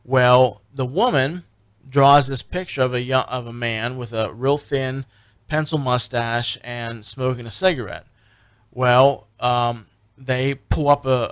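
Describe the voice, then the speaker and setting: A man's voice: medium pitch, a bit bright, clear, resonant tone, no room sound. Brief: male radio co-host, loose casual storytelling, dry booth. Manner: rambling storyteller, many fillers and restarts. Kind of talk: casual radio chat recapping a TV show.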